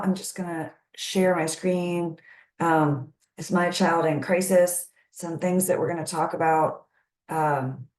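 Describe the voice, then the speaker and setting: A woman with a low, deep voice leads an online parenting workshop. She talks calmly and guides each step of a sensory grounding exercise. Her computer mic picks up a roomy echo. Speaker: community health presenter.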